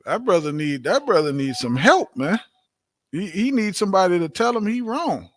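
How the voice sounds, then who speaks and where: A man's voice: sits high, very animated, normal speed. A man teaching a religious class, preaching emphatically, repeating his points and asking rhetorical questions. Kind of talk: preaching-style class talk.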